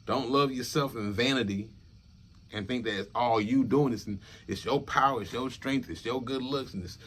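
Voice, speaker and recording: A young man talking to his viewers in a loose, repetitive monologue, murmuring low and then bursting out loud to make a point. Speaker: vlogger. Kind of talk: casual rambling monologue.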